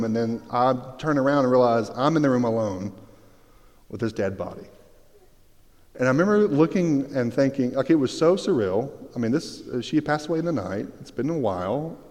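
A pastor telling a personal story in a sermon, swinging between hushed and excited. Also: male voice, medium pitch. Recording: long reverb of a large hall.

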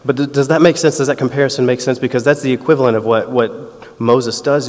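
The pastor, in his thirties, moves fairly quickly with hardly a pause, his mid-range voice darkish and fairly even, as he conversationally recounts family stories and acts out quotes. The hall reverb is long.

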